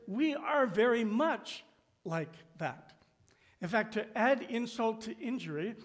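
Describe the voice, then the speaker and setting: High-voiced man preaching a sermon. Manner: slows down and drops to a hush on key phrases; acts out complaining voices with rising pitch. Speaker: pastor.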